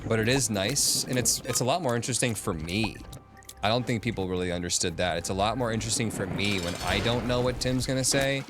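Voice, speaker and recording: Low-voiced man chatting over game music. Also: brisk. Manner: chatty, thinks aloud and answers chat. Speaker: streamer. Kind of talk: casual gaming commentary. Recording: game music playing behind.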